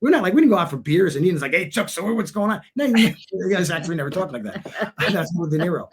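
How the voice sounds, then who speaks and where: A man's voice: sits high, fast, slight background noise. A man from Westchester with a New York accent, telling stories as an interview guest. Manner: animated storyteller, acts out quotes. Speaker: guest, actor and writer. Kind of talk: interview chat.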